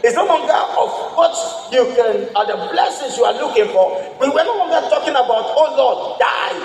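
A pastor with a very high voice preaches emphatically, repeatedly checking that his congregation is following him. He sounds set back from the mic, and his words ring through a long hall reverb. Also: expressive, fairly quick, darkish tone. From Nigeria. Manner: emphatic preaching with call-and-response. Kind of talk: sermon. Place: large church hall. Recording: echoey church hall, mic at a distance.

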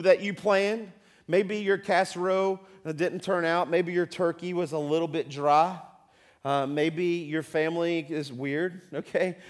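High-voiced conversational male pastor. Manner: conversational, often checks in with the congregation; acts out voices of people in the story. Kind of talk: sermon. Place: church sanctuary.

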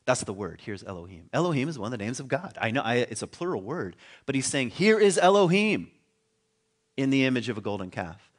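A man's voice: medium pitch, expressive, fast. A man teaching at a spiritual community, giving a conversational sermon, chuckling and thinking aloud with frequent restarts.

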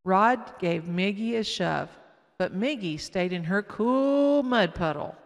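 A woman reading a children's story aloud slowly and carefully, with small slips. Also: mid-range voice, expressive. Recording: long echoing reverb.

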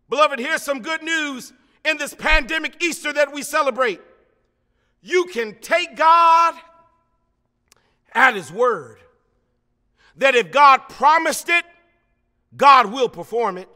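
Male preacher, sermon delivery: very high, slow, shouted refrains ringing through a reverberant sanctuary. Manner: drops to slow, hushed phrases between climaxes. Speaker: pastor. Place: church sanctuary.

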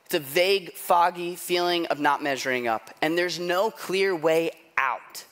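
A man's voice: a little high, measured pace, fairly bright tone. A middle-aged man preaching a sermon, telling a self-deprecating story in a loose conversational way, often asking "right?". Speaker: pastor.

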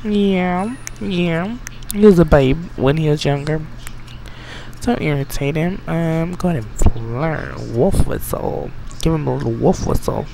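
A man giving excitable, chatty let's play commentary, bossing his game characters around. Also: fairly high pitch, a little slow, gravelly. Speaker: game streamer. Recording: noisy home recording.

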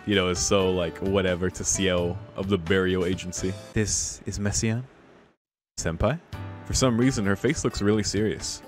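A low-voiced man reads a visual novel out loud and keeps stopping to swear and laugh at what happens. Background music plays steadily behind his voice. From United States. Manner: reads the text then breaks off into swearing, laughing commentary. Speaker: visual novel let's player. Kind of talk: reading a visual novel aloud with reactions.

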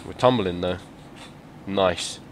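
An energetic young man giving excitable, swear-heavy commentary on a driving game. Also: sits low, slow. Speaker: gaming YouTuber. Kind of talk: gameplay commentary. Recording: loud game car noise behind.

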